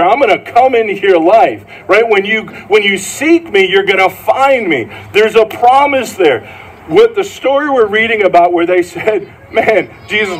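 Man, pastor, sermon, earnest, repeats phrases, asks questions, slightly high voice, faint background noise. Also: low-quality recording.

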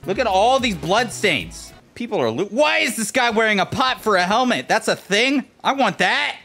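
A man giving jokey, excitable commentary while playing a game, swearing and talking to enemies. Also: sits high, moderate pace, creaky, faint music behind. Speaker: gameplay commentator. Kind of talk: casual let's-play commentary.

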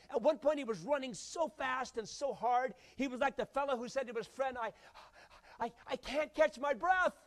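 A male pastor delivers a sermon in a high-pitched voice. He preaches in an animated way, swinging between loud, forceful bursts and hushed, quiet lines. He acts out the voices he quotes and jokes with the congregation.

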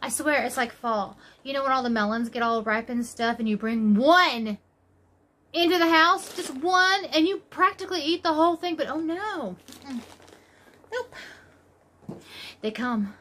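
A woman chatting casually as she unboxes yarn, gushing and exclaiming, her voice jumping high when she gets excited. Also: a little slow. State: tired after work. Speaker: crochet vlogger.

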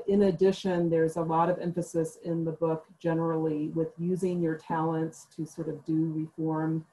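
Woman, low voice, flat and even delivery, measured and reflective, book club panelist, video call. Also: poor audio. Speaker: literature panelist. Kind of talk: prepared book club remarks.

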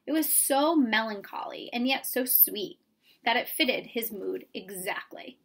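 A woman reading a children's chapter book aloud in a calm, even storytelling manner. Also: a little high, a little slow, vocal fry, husky. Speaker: reader. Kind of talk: storybook read-aloud narration.

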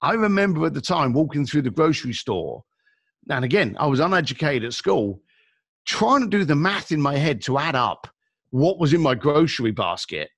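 A man's voice: fairly high pitch, big pitch swings, normal speed, a bit bright, breathy edge, no room sound, clean studio sound. A middle-aged man with a London accent, telling a story as a podcast guest and acting out the dialogue. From England.

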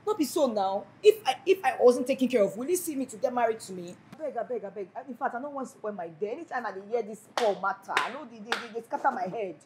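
Brief: actress doing a higher-voiced Nigerian wife, bitter and envious, repeating herself and slipping into Pidgin. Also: female voice, lively intonation, fast, few pauses, background noise, lightly acted. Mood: irritated. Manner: dramatic, dismissive complaining. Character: frustrated married woman, envious and bitter. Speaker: wife complaining about her husband. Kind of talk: Nollywood film acting.

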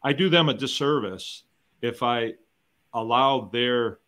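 A man's voice: mid-range voice, takes it slowly, fairly bright tone. Emphatic middle-aged American man talking. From United States. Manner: conversational, emphatic, with rhetorical questions; repeats words and restarts often. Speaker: guest farmer and educator. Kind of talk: round-table conversation.

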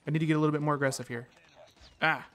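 A high-voiced man hosting a gaming channel gives casual commentary on his own match, reacting in quick bursts of excitement and tossing out playful catchphrases between plays. He's recorded on a desk mic.

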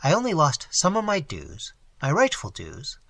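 A man's voice: fairly high pitch, huge pitch swings, moderate pace, vocal fry, a bit bright, no room sound, full character voice. A man voicing a plump, pompous, self-pitying country clergyman who rambles on self-righteously. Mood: aggrieved.

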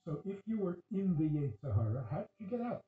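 A man's voice: sits high, very animated, fast talker. A man giving a Torah class, questioning his listeners and often laughing. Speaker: religious teacher. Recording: echoey tinny phone-like recording.

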